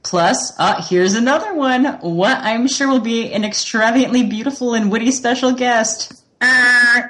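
A woman's voice: on the high side, normal speed, fairly bright tone. A woman co-hosting a podcast, reading a listener email aloud with frequent giggles. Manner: giggly, reads with frequent laughs. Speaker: podcast co-host.

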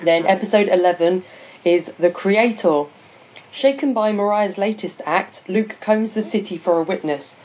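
A woman's voice: medium pitch, normal speed, a little mellow, muffled recording. A woman hosting a podcast, chatting casually and laughing often. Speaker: podcast host. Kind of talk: casual chat.

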